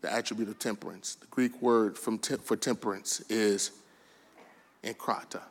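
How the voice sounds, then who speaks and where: A man preaching a sermon, telling stories with lively bursts of shouting and quiet, soft asides. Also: fairly low pitch, moderate pace. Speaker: pastor.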